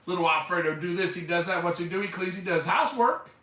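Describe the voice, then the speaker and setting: A cackling, wisecracking horror-movie maniac, as a man puts him on. The lines jump up high and come out harsh and taunting. The sound bounces around an echoey room, and the mic sits some way off. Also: fast talker, bright, forceful tone, distant mic. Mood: manic taunting. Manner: shrill, jeering quoted lines. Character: manic wisecracking male horror-movie killer.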